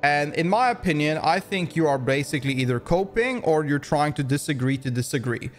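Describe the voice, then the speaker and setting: A man's voice: on the high side, animated, a little fast, soft background music. A man giving opinion commentary, rambling along with frequent restarts and fillers. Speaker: commentary YouTuber.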